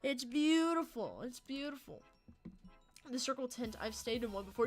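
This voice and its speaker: A young woman streamer chats loosely with her viewers in a fairly high voice. She rambles from joke to joke and swears freely. Faint game music plays behind her. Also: animated, moderate pace, fairly bright tone. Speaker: livestreamer. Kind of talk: casual chat with stream viewers.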